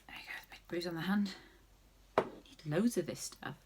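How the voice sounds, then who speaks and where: A woman's voice: lowish voice, normal speed, whispered. A woman vlogger chatting casually through a makeup tutorial, rambling with jokey asides.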